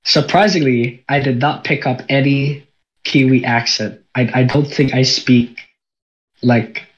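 A man's voice: medium pitch, fairly even intonation, measured pace, dull audio. A young man with a nasal voice from a cold, chatting casually as a podcast host, rambling with lots of fillers. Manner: rambling, laughs often, many fillers. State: sick, stuffy nose.

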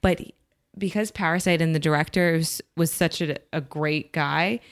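A relaxed woman chiming in on a casual movie chat with friends. Her voice sits fairly low, and she speaks in an easygoing, conversational way. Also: moderate pace, clean tone. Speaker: podcast co-host. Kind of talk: casual chat about film awards.

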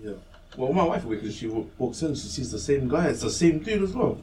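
A man, co-hosting a casual podcast chat and telling animated, swear-filled stories, acting out what people said. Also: medium pitch, brisk, a little hiss or hum. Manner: animated storyteller, swears freely, acts out quotes. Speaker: podcast co-host. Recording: distant mic, faint room ambience.

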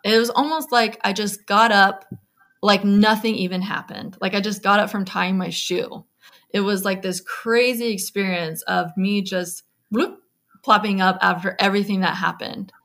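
A woman with a creaky, gravelly edge recounts her experience in a candid interview. She talks loosely, with frequent fillers and restarts. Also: mid-range voice, steady tone, moderate pace, a bit bright. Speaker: guest recounting a personal story.

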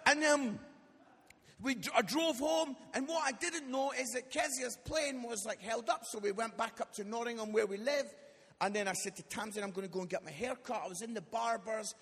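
A man's voice: very high voice, normal speed, a bit bright, husky. A Scottish man in his forties, a guest preacher telling funny stories in a live church sermon, often tagging lines with "yeah?". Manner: jokey, tags lines with "yeah?", acts out quotes. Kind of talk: humorous storytelling sermon. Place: church hall, live audience. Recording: live church hall with long reverb.

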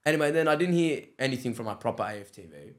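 Fast-talking Australian man telling stories. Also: medium pitch. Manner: animated, acts out quoted dialogue, says "bro" often. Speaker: podcast guest. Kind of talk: casual storytelling chat.

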